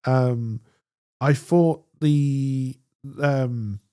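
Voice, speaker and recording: A man's voice: mid-range voice, very slow, clean tone. A man co-hosting a podcast, chatting casually and enthusiastically about a TV episode. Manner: enthusiastic, animated storytelling. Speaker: podcast co-host. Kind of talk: casual chat.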